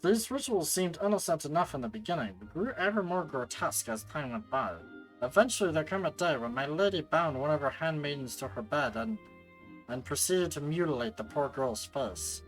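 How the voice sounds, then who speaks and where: A man voicing an elderly, grieving household servant from a game, in a gravelly put-on voice with a Scottish accent, in a low, hushed storytelling tone. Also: expressive, a little fast, soft background music, close to an everyday voice, low-quality recording. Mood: somber. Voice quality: gravelly gremlin voice. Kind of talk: reading game dialogue aloud.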